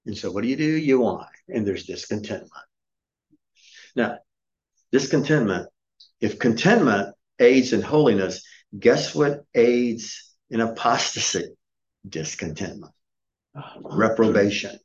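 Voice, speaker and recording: A man's voice: lowish voice, lively intonation, unhurried, long pauses, lo-fi sound. A middle-aged man preaching a sermon as pastor, emphatic and scolding, firing off rhetorical questions. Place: church.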